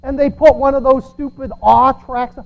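A pastor preaching a sermon, sarcastic, swinging from shouts to quiet asides. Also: sits high, little pitch movement, moderate pace, gravelly, dull audio. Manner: sarcastic, swinging between shouts and near-whispers.

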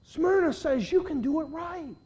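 An older man preaching a sermon as a pastor, swinging between hushed, intimate lines and loud, emphatic declarations. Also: very high voice, normal speed, dull audio.

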